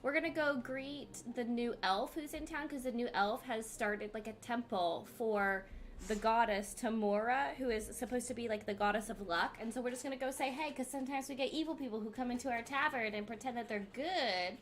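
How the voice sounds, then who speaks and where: A woman's voice: fairly high pitch, fairly quick, slight background noise. A woman hosting a tabletop game stream, chatting casually with players and viewers. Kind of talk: casual tabletop role-play chat.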